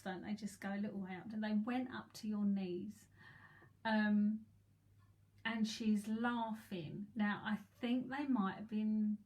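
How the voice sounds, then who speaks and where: A woman's voice: on the high side, poor audio. A woman in her fifties from England, chatting and giggling her way through a live psychic reading with rambling asides. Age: 50s. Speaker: psychic medium.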